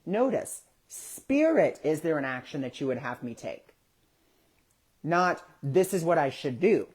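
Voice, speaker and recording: Animated male spiritual talk host. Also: on the high side, measured pace, slightly rough. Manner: animated storytelling, acting out quoted voices. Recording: social media live stream.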